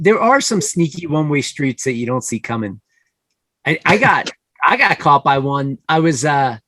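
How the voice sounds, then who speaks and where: A man's voice: fairly high pitch, no room sound. Easygoing male distiller, dry close sound. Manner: relaxed anecdotal storytelling. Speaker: distillery owner guest. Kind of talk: casual chat.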